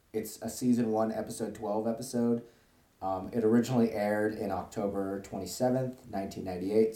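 A man's voice: lowish voice, warm tone, echoey room. A man co-hosting a podcast, casually recapping a cartoon episode in a rambling way, with lots of fillers and joking asides. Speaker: podcast co-host. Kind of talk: casual chat.

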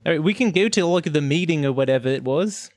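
A man playing in a tabletop game, speaking in character in a halting way full of fillers. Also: a little high, animated, no room sound, studio quality. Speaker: player.

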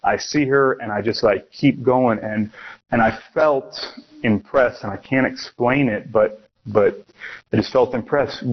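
A man's voice: mid-range voice, a little slow. Man telling a sermon story, slightly muffled. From Miami, USA. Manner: casual, conversational storytelling with many restarts. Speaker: preacher. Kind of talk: personal testimony sermon.

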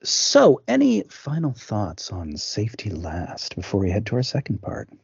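A man's voice: fairly low pitch, huge pitch swings, moderate pace, vocal fry, a little mellow, slightly rough, dry recording, dull audio. A man co-hosting a podcast, chatting casually about films, with many fillers and restarts. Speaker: podcast co-host. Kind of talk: casual film discussion.

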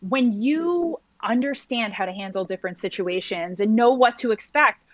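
A woman's voice: a little high, animated, moderate pace, dry recording, rough recording. Chatty woman with a dry, close sound. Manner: chatty, acts out little quoted exchanges. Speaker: postpartum doula. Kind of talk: podcast conversation.

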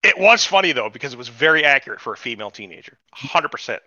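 A man's voice: mid-range voice, sing-song, quick pace, bright, forceful tone, no room sound, dull audio. A man hosting a podcast, recapping in casual, rambling chat full of swearing. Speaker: podcast host.

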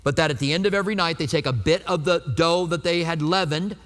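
A man's voice: on the high side, fast, fairly bright tone, long reverb tail. A pastor in his fifties preaching a sermon in a conversational way, asking the congregation rhetorical questions.

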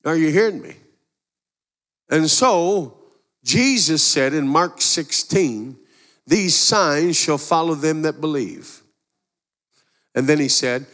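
A man preaches a sermon in a relaxed storytelling manner, slipping into the voices of the people he talks about. His voice sits a little high for a man. The sound rings with the long reverb of a large church hall. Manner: folksy, conversational preaching with quoted dialogue.

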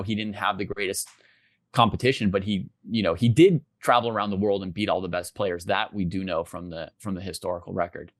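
Low-voiced, thoughtful man, dry sound. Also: dry recording. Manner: thoughtful, measured, often says "right?". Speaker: podcast co-host. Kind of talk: casual chat.

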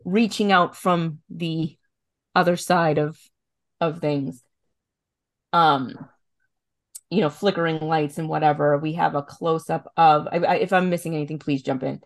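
A woman's voice: deep voice, fairly even intonation, unhurried, long pauses. A woman hosting a podcast in casual, chatty talk, full of fillers and swearing freely. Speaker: podcast host. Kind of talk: casual podcast recap chat.

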